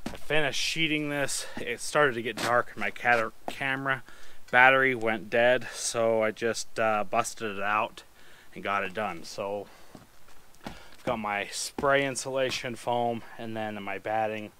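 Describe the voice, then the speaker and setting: A man's voice: mid-range voice, fairly even intonation, unhurried, bright, forceful tone. A man in early adulthood narrating a building project, out of breath because he talks while he works. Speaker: DIY builder and video host. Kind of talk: casual build vlog narration. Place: outdoors at a shed build site. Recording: noisy outdoor recording.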